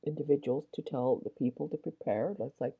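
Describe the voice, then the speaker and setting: A woman with a strikingly deep, low voice shares a personal testimony in a loose, rambling way, often circling back and restarting her sentences. She sounds a little tired, yawning and clearing her throat as she goes. The audio is dull and lo-fi. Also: fairly quick. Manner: rambling, with many restarts and asides. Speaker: Christian video host.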